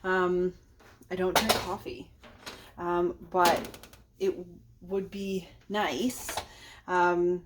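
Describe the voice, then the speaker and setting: Woman vlogger, somewhat low voice, rambling cooking chat, filler words. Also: level tone, very slow, pauses often, noisy background. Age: adult parent. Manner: rambling, nervous, many ums and likes. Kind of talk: casual cooking vlog chat.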